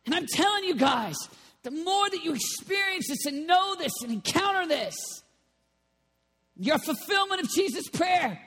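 Preacher, male, very high and lively voice; animated, playful, breaks into shouts; big hall reverb. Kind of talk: lively sermon. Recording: long reverb of a large hall.

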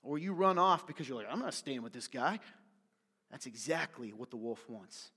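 Fired-up preacher in a reverberant hall. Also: male voice, mid-range voice, lively intonation, moderate pace, slightly rough. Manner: fired-up preaching that drops to soft, confiding asides. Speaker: pastor. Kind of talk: sermon.

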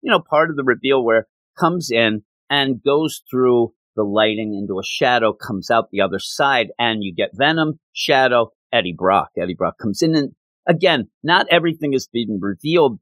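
A man recapping a comic book in an animated, conversational way, slipping into the characters' lines as he goes. His voice sits at a middling pitch. The recording is dry and close. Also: no echo. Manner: animated, acts out quoted lines. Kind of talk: casual storytelling recap.

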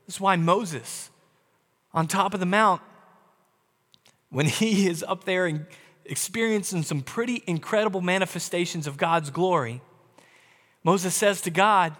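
Man preaching a sermon, high voice, unhurried, dramatic, long church reverb. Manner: dramatic, acts out quotes, swings between loud and hushed. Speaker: pastor.

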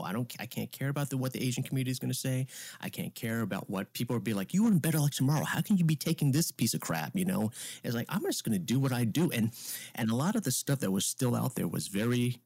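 A man's voice: medium pitch, gravelly, a little mellow, no echo. A man who acts, talking candidly as a guest in a casual interview, rambling and restarting as he tells stories. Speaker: actor guest.

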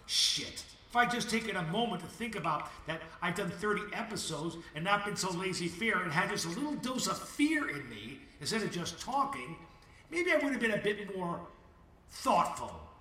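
Male podcaster, theatrical confessional monologue, fairly high voice, roomy distant sound. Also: big pitch swings, normal speed, slight background noise. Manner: theatrical, swinging from booming to hushed. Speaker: podcast host. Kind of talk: dramatic spoken monologue addressed to God.

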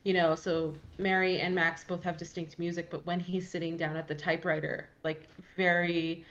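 Lower-voiced woman in dull-sounding podcast chat. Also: moderate pace. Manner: chatty, filler-heavy, animated. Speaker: podcast co-host. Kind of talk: casual film review chat.

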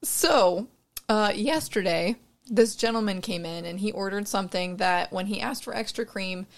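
A woman's voice: mid-range voice, normal speed. A young woman, a barista, chatting frankly and swearing freely as she tells a story. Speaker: barista, podcast co-host. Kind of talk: casual chat, storytelling.

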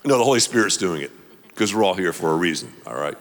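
A man preaching a sermon, animated and playful, leading the audience to repeat lines after him. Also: low voice, fast. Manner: animated, audience call-and-response. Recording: long hall reverb.

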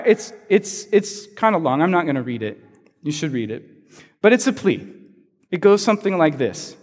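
A man's voice: sits high, in a large hall. A man preaching a conversational sermon as pastor, asking the listeners rhetorical questions.

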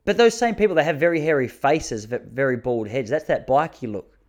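An Australian man in his thirties tells comic stories in a casual, crude and self-mocking way, laughing at his own jokes. His medium-pitched, slightly mellow voice moves a little fast, and the recording is lo-fi.

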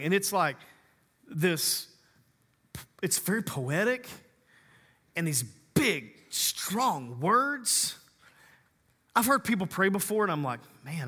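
A man's voice: high voice, pushed and bright, big-room sound. A man preaching a sermon as a pastor, conversational and humorous, teasing his congregation.

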